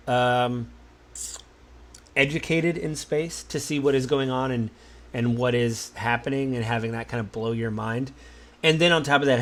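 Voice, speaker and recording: A married man hosting a podcast, talking in a relaxed, musing way, with many fillers and restarts. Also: medium pitch. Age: adult, married. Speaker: podcast host. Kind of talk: casual solo podcast talk.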